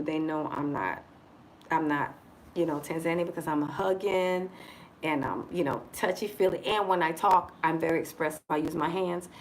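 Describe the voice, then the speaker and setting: A woman from the United States chatting casually on a livestream from abroad, expressive and joking, calling her viewers y'all. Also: fairly low pitch, slight background noise, poor audio. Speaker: vlogger living abroad. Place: indoors in Dar es Salaam.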